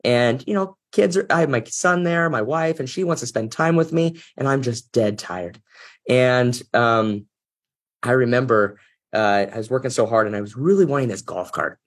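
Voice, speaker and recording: A man with a slightly husky, mid-pitched voice tells a personal story as an interview guest. He speaks earnestly and reflectively, with real feeling behind his words. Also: expressive, moderate pace. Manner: earnest, reflective, emotional at times. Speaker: podcast guest, business executive.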